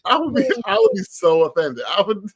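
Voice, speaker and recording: A man co-hosts a casual podcast, joking and reacting with energy. His voice is high and swings widely. The sound is close and dry. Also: fairly quick, dry recording. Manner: animated, joking. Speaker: podcast co-host. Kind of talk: casual chat.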